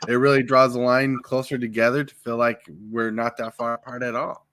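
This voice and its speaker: A man talking casually on a late-night live podcast from home, passing on advice in a coaching way. His voice is bright and forward, recorded dry and close with no room echo. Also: mid-range voice, flat delivery, brisk. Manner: coaching, gives tips on projecting voice. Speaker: podcast host. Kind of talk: casual live-stream chat.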